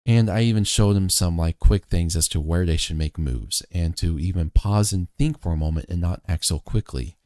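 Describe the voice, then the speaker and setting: A man in his thirties talking earnestly to camera, telling a family story in a measured, reflective way. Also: deep voice, a little mellow, no echo, studio quality. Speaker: motivational vlogger.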